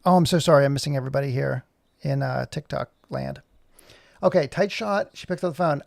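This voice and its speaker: A man in his forties streams himself animating, chatting idly and joking as he goes. His medium-pitched voice is creaky and fairly quick, with clean, echo-free studio sound.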